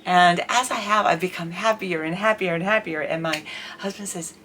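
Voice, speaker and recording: A middle-aged woman talking candidly to camera in a casual vlog, telling an indignant, animated story about her life. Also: fairly low pitch, normal speed, a little hiss or hum. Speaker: vlogger.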